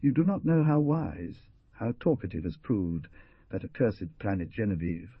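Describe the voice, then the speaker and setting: A man's voice: on the low side, sing-song, moderate pace, husky, no echo, heavily acted. A man voicing a tortured young male prisoner who rants with feverish sarcasm, in a storybook reading. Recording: dull lo-fi dry recording.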